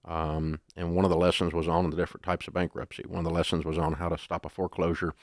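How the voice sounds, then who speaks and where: A middle-aged man, telling stories in a folksy, animated way as an interview guest. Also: low voice, fast, no echo, studio quality. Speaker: guest, business founder. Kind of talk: storytelling interview.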